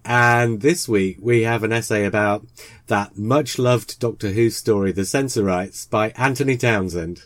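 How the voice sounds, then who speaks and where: Low-voiced podcast host, measured. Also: male voice, no room sound. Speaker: podcast host and series editor. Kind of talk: scripted podcast intro then casual chat.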